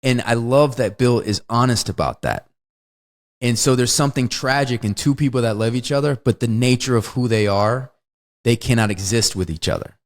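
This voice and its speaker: Male podcast co-host, mid-pitched, animated delivery, swerves into acted movie lines. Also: moderate pace. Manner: animated, acts out movie lines in big shifting voices. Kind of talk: casual film discussion.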